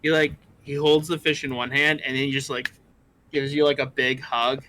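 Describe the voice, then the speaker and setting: A man's voice: medium pitch, little pitch movement, moderate pace, pushed and bright, slight background noise, rough recording. A man running a tabletop game as game master, narrating loosely with many restarts. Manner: loose, full of fillers and restarts.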